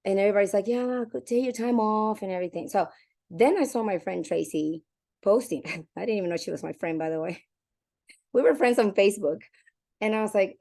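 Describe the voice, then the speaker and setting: A woman in her forties telling her own story casually, animated and chatty, acting out what she and others said. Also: mid-range voice, moderate pace. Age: 40s. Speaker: community member sharing her story. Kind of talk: casual testimonial.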